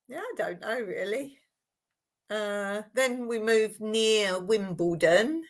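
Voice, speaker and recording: A woman's voice: medium pitch, lively intonation, slow pace. A woman from Surrey with a southern English accent, chatting casually to viewers as host of a live stream, often repeating words and laughing. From Surrey, England. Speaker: livestream host.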